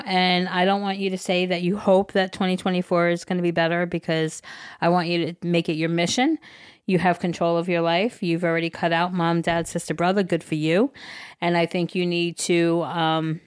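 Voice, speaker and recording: A woman in her forties with a smooth, clear, low-pitched voice, chatting earnestly on a podcast. Her heartfelt talk trails into fillers now and then, and the sound is close and dry. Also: no echo. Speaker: podcast co-host. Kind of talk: casual chat.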